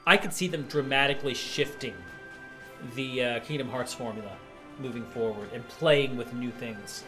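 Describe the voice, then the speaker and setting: A man's voice: medium pitch, normal speed, music in the background. A man co-hosting a live game stream, chatting casually and reading out messages from chat. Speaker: streamer co-host. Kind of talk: casual chat while gaming.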